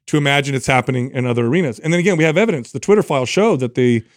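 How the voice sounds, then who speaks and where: A man's voice: medium pitch, lively intonation, rapid-fire, no echo, studio quality. A man in his forties co-hosting a podcast, talking emphatically and often repeating words as he starts a sentence. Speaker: podcast co-host. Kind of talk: casual discussion.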